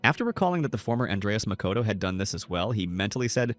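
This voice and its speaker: A man's voice: on the low side, sing-song, quick pace, hardly any pauses, faint music behind. A man narrating a scripted story recap.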